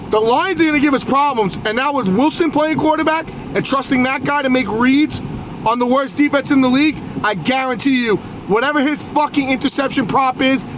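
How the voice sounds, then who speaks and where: A man who is new to podcast hosting speaks in a high voice, ranting hotly about sports with plenty of profanity. He stammers and keeps restarting his sentences, and the background is noisy.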